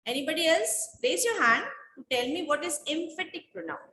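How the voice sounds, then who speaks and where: A woman teaching grammar in an online class, speaking slowly and repeating questions to her students. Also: sits high, animated, bright, forceful tone, reverberant. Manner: slow, repetitive, quizzing students. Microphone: video call.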